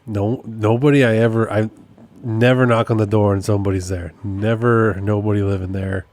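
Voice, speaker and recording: A man's voice: on the low side, level tone, normal speed, darkish tone, no room sound. A man hosting a casual solo podcast update, rambling and amused at himself, often repeating his points. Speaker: podcast host and process server.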